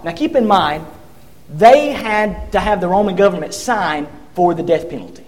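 A man with a notably high voice delivers a sermon, retelling scripture as a vivid story. He stumbles and restarts often and slips into the quoted figures' voices as he goes. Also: expressive, moderate pace, a little mellow. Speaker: preacher.

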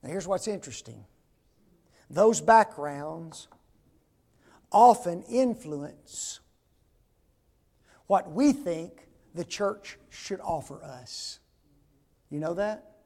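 High-voiced gravelly preacher, older man. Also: expressive, extremely slow, long pauses, darkish tone. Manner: folksy, asks the congregation rhetorical questions. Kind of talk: sermon.

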